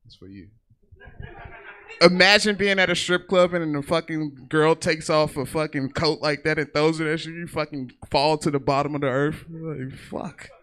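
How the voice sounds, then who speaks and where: A man's voice: on the high side, fairly even intonation, moderate pace, a bit bright. A man doing a profane stand-up comedy set on a theater stage, telling stories and briefly acting out other people's voices. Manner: profane, storytelling, acts out voices in bursts.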